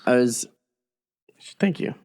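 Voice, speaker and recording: Animated, swearing young man telling stories. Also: takes it slowly. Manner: animated, profane, acts out quotes. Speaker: podcast co-host, actor. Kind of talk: casual comedy chat, storytelling.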